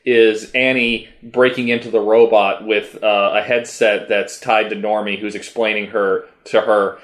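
A podcast co-host chats casually about comics in a lowish voice with little pitch movement, speaking at a measured pace. He rambles, restarts often, and laughs a lot.

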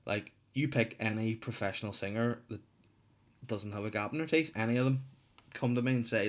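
Rambling podcast host, low voice. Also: male voice, steady tone, brisk. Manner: rambling, jokey, self-mocking, many restarts. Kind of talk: casual solo podcast chat.

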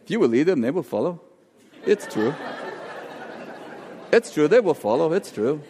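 Animated guy preaching and praying, does little voices, big echoey hall. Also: fairly high pitch, normal speed, a faint crowd, slight background noise. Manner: animated, acts out quoted voices, jokes about accents. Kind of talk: sermon with prayer. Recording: long hall reverb.

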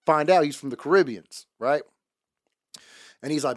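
A man in a casual faith podcast who tells his stories loosely and with humor, dropping into the voices of the people he quotes. His voice sits a little high for a man. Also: moderate pace. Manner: relaxed storyteller, acts out quoted voices, laughs often. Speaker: podcast co-host. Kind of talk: casual faith talk, storytelling.

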